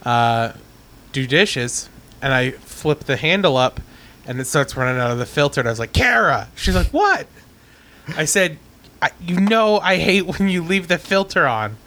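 A man's voice: on the high side, lively intonation, moderate pace, bright, forceful tone. A man co-hosting a podcast, chatting casually, often laughing and using lots of fillers. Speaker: podcast co-host. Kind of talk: casual chat.

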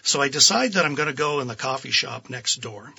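Man, interview guest, storytelling, animated, acts out quotes, sharp tone. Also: mid-range voice, fairly quick, gravelly, breathy edge, highs cut off.

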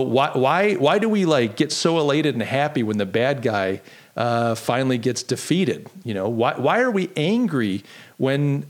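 A man hosting a solo podcast, talking in an earnest, conversational way with frequent restarts. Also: medium pitch. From United States. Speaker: podcast host.

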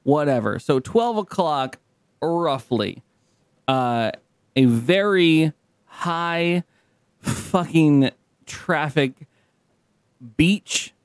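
A man co-hosting a casual podcast, ranting in exasperation and tripping over repeated words. His voice sits fairly high and swings widely, with a dry, close sound. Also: expressive, very slow, long pauses, smooth, no echo. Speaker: podcast co-host. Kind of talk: casual chat.

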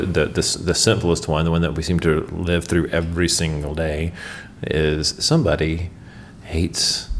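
Deep-voiced man chatting over martinis. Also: slight background noise. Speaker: podcast co-host. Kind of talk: casual conversation over drinks.

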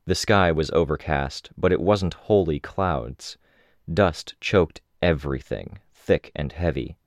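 A man reading a novel aloud in the first person, with measured, even storytelling. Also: very deep voice, no echo, clean studio sound. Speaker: audiobook narrator.

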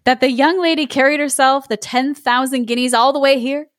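A woman's voice: high-pitched, steady tone, brisk, dry recording, studio quality, lightly acted. Shrieking greedy wizard, as a woman puts him on. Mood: impatient. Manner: shrieking and scornful. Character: scheming male wizard, greedy and bad-tempered.

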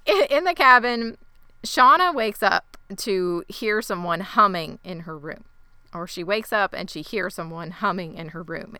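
A woman's bright, crisp voice, recorded close and dry, recaps a TV episode. She chats loosely and reacts quickly to her co-host. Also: on the low side, dry recording. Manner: chatty, quick reactions, laughs along. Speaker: podcast co-host. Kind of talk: casual episode recap chat.

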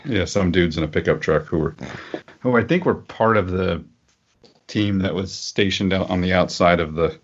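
A man with a fairly low voice chats through a political podcast segment. He rambles and circles back with many fillers. The audio is dull and lo-fi. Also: moderate pace, a little hiss or hum. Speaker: podcast co-host. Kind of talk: casual political podcast chat.

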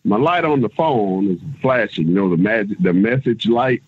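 Husky-voiced man telling stories over a tinny phone line. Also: fairly low pitch, moderate pace, dry recording. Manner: animated storyteller, acts out others' lines, casual swearing. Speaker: guest, former pro wrestler. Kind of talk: casual storytelling interview.

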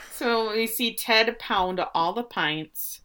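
A woman's voice: on the high side, drawn-out words, slight background noise. A woman casually recapping a TV episode, acting out the characters' lines as she goes. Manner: animated retelling, acting out quotes. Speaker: podcast co-host recapping a TV episode. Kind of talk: casual chat.

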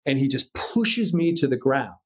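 With a medium-pitched voice and a moderate pace, an American man casually tells a story, cursing liberally. He animates the telling by performing voices and sound effects.

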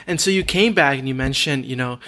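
A man's voice: medium pitch, a little fast, bright, forceful tone. A man hosting a casual interview, asking encouraging open questions with some restarts.

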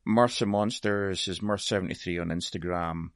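A Scottish man, appearing as a guest presenter on a podcast, chats casually in a low-pitched, steady voice at normal speed. He laughs often and swears in a self-deprecating way, captured on a dry, clean studio recording.

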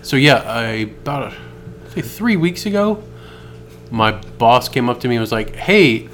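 A man's voice: medium pitch, sing-song, moderate pace, fairly bright tone, slight background noise. A man co-hosting a podcast in casual chat, telling rambling stories with profane asides. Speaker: podcast co-host.

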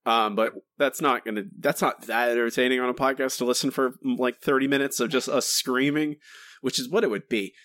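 A man's voice: mid-range voice, fairly even intonation, brisk, fairly bright tone, no room sound, studio quality. A man co-hosting a podcast, ranting in exasperated casual chat with many restarts and asides. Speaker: podcast co-host.

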